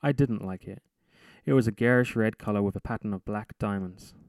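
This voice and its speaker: A man reading his own short story aloud in a measured, deadpan narration. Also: lowish voice, no room sound. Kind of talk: literary reading.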